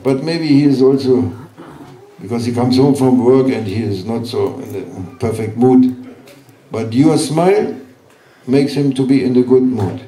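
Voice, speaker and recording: A man giving a sermon at a religious gathering, speaking gently and teasingly in broken English to reassure his listeners. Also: mid-range voice, measured pace. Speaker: sheikh giving a religious talk. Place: large hall at a gathering. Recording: roomy hall, voice from far off.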